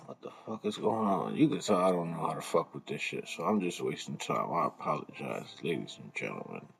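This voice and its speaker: A man's voice: extremely low pitch, expressive, brisk, gravelly. A man hosting a live stream in casual commentary, rambling and swearing as he mutters to himself while fumbling with the computer.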